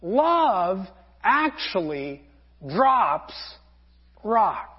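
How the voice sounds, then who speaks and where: A man preaching a sermon as pastor, telling a parable earnestly with frequent pauses. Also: high voice, big pitch swings, breathy edge. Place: church sanctuary. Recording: dull lo-fi sound.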